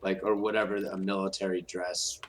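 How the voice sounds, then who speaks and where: A man chatting casually, eager and rambling as he pitches ideas. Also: flat delivery, moderate pace. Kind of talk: casual chat.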